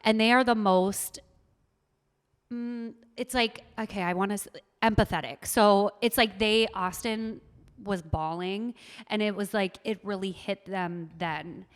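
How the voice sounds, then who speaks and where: A woman's voice: mid-range voice, a little slow, clean tone, in a large hall. A woman with a Minnesotan accent, chatting earnestly as a podcast guest, with lots of "like" fillers. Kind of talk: casual interview chat.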